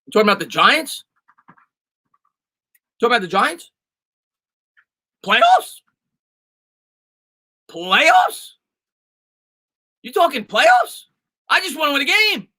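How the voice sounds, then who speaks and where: A man puts on an exasperated football coach, his voice leaping high as he fires the same disbelieving question again and again. The voice is bright and sharp, with a rant-at-the-podium feel. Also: wildly swooping pitch, slow, pauses often, full character voice. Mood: incredulous. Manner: incredulous, shouting repeated questions. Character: exasperated male football coach ranting at reporters.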